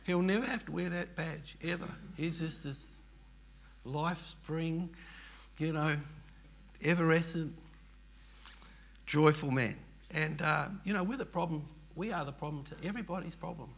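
A man's voice: on the high side, measured pace, a bit bright. An older man with an Australian accent, telling a personal story in an earnest, rambling, emphatic way. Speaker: churchgoer telling his story.

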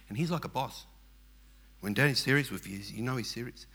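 A man's voice: medium pitch, a little fast, pauses often, a bit bright, husky. An older man with an Australian accent, telling a personal story in an earnest, rambling, emphatic way. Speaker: churchgoer telling his story.

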